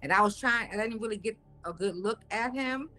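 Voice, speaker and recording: A woman's voice: medium pitch, brisk, bright, forceful tone. A woman casually telling her own story in a conversational, hesitant, doubtful way.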